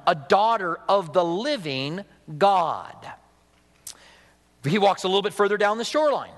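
A pastor delivers a sermon in a high, bright-edged voice, addressing the congregation as if in conversation and asking them questions. Long reverb makes his words ring out as though in a big hall.

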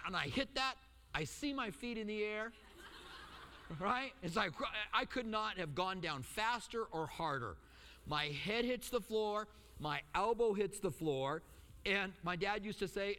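A middle-aged male pastor preaching a sermon, telling stories with lively asides and acting out the quotes. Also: sits high, unhurried, long reverb tail. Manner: animated storytelling with acted-out quotes and asides.

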